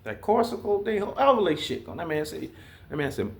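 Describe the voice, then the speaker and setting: A man holds forth in a loose, rambling monologue, cursing freely as he tells his stories. His voice sits a little high for a man and swings widely up and down as he gets worked up. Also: fairly quick, gravelly. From Southeast Georgia, US. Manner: profane, blunt, animated storytelling. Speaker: vlogger.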